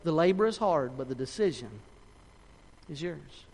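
A man preaching a sermon and giving an altar call, swinging from soft pleading to loud impassioned peaks. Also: fairly high pitch, lively intonation, moderate pace, in a large hall. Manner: impassioned, rising to near-shouting peaks then dropping soft. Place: church sanctuary.

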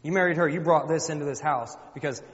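A grieving, childless woman lashes out in loud, anguished accusations, her voice pushed high and strained as a male preacher acts her out. The sound is dull and muffled, with a long reverb trailing through a big hall. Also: fast, close to an everyday voice. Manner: raised, anguished accusing outbursts.

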